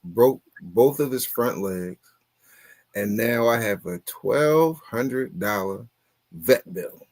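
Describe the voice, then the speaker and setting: A man on a casual talk show, telling a story in an animated, exasperated way and swearing often. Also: on the low side, slow, no room sound. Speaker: podcast co-host.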